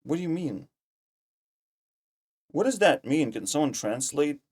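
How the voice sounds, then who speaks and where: A man's voice: a little high, sing-song, unhurried, a little mellow, slightly rough. A man streaming casual commentary, ranting in a heated, profane way and repeating himself when worked up. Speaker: streamer reacting to clips.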